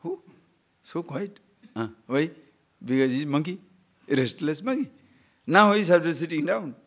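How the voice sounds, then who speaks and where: Animated Odia-accented spiritual teacher. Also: male voice, a little high, moderate pace. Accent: Indian English, Odia. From Odisha, India. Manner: animated, playful, rhetorical questions. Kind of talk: spiritual discourse with storytelling.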